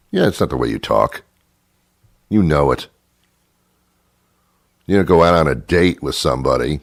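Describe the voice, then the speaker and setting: A man's voice: rumbling low, animated, moderate pace, creaky, no room sound. A middle-aged man hosting a talk show, delivering an exasperated comic rant full of rhetorical questions into a studio mic. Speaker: radio show host.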